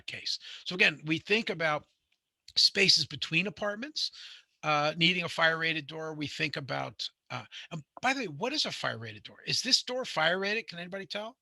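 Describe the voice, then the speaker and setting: A man's voice: a little high, lively intonation, normal speed, gravelly, bright, forceful tone, slightly rough, no echo. A middle-aged man, teaching a home inspection class in a rambling, conversational way, full of fillers and restarts. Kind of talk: classroom lecture with anecdotes.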